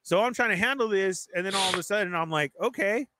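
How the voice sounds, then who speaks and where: A man's voice: high-pitched, quick pace, noisy background. A man in casual conversation, telling a story animatedly and acting out what others said. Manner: acts out other people's lines in quoted voices. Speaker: storyteller in group chat.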